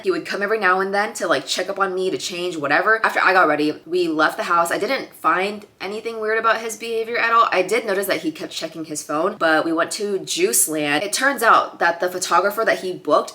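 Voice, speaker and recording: Woman vlogger, twenties, bright ringing voice, chatty and excitable, casual talk to camera. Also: lowish voice. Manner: excitable, chatty, breaks into whispers and giggles.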